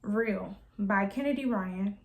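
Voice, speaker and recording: A young adult woman chatting about books in a casual review vlog, animated and emphatic. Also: medium pitch, slow pace, vocal fry. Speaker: book reviewer.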